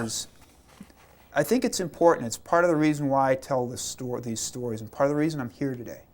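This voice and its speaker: Speaking at medium pitch, a man recounts his experiences as an army chaplain during an interview about the war. He gets animated, acting out what people said and repeating words.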